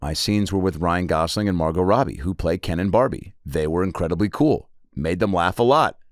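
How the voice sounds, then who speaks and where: A man around forty, a comedian hosting his podcast alone, rambling through profane stories and jumping into quick character voices. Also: low voice, dry recording, clean studio sound. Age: 40s. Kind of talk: solo comedic storytelling.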